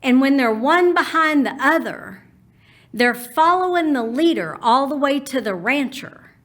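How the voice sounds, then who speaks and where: A woman voicing her feisty Texan mother, loud and insistent, with a Texas drawl. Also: high voice, expressive, measured pace, voice pushed up. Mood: folksy.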